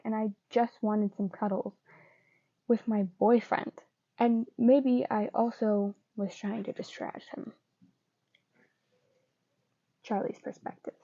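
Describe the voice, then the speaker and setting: A woman reading fanfiction aloud in an earnest first-person voice, with pauses and small slips. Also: on the high side, no room sound, lo-fi sound. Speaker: fanfiction reader.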